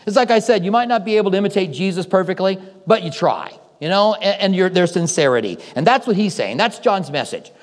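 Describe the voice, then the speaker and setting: High-voiced pastor preaching in a reverberant hall. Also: male voice, expressive, brisk, few pauses. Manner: conversational storytelling with acted-out quotes. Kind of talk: sermon.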